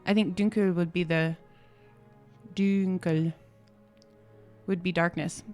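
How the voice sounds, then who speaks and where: A young adult woman co-hosting a tabletop game show, chatting casually, with a playful, lively manner that breaks into laughs and gasps. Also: lowish voice, takes it slowly, faint music behind. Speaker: podcast co-host and player. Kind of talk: casual chat.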